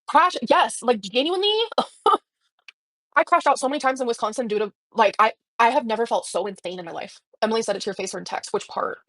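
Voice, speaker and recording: Woman, livestream chat, rambling, emotional, quick, slightly high voice. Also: fairly bright tone, no echo. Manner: rambling, emotional storytelling with many fillers.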